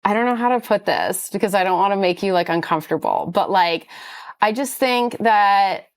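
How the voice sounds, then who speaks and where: A woman's voice: medium pitch, moderate pace. A woman who runs a small clothing business, a podcast guest talking in a heartfelt, rambling way with many "like" fillers. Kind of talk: casual conversational podcast chat.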